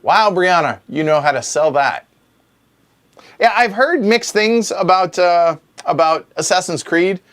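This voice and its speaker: Animated man reading out viewer questions. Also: high-pitched, a little slow. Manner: reads chat questions aloud and answers with joking asides. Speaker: board game show host. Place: home streaming room.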